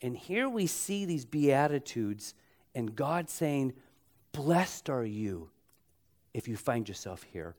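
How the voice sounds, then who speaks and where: A man preaching a sermon as pastor, emphatic and repeating key phrases, slowing down to stretch words and drawing the congregation into call-and-response. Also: medium pitch, very animated, darkish tone.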